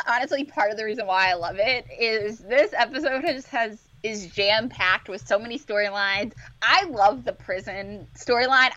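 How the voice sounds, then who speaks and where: Bright, giggly young woman on a dull mic. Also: medium pitch. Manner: giggly, upbeat, rambling. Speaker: podcast co-host. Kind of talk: casual fan podcast chat.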